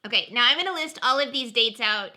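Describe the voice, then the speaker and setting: A woman's voice: a little high, quick pace, sharp tone. A young woman co-hosting a podcast, upbeat and casual, reading through a list and laughing easily. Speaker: podcast co-host. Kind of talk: casual chat.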